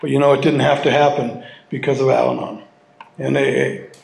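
A man sharing his personal story with an audience at a recovery meeting, halting and heartfelt, restarting and repeating his words as he goes. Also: medium pitch, little pitch movement, vocal fry, darkish tone. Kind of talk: personal testimony to a live audience. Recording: roomy hall sound.

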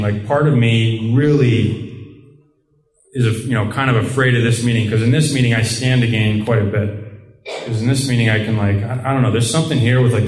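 Speaking in a fairly low, slightly mellow voice, a man from Michigan tells his recovery story at a meeting. He rambles with plenty of "like" and "you know," captured by a distant mic in a roomy meeting room.

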